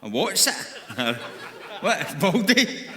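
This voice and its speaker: A man's voice: mid-range voice, animated, moderate pace, sharp tone. A man with a Glaswegian accent doing a stand-up comedy set, crude and sweary, mocking and bantering with the crowd. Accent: Scottish, Glaswegian. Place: large arena on stage. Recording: echoey arena with crowd noise.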